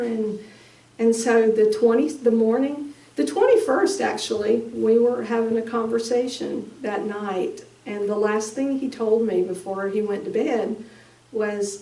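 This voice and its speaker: A middle-aged woman giving a halting, emotional personal testimony as a bereaved mother at a conference. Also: on the high side, mellow. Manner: slow, halting, emotional storytelling. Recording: echoey room, distant mic.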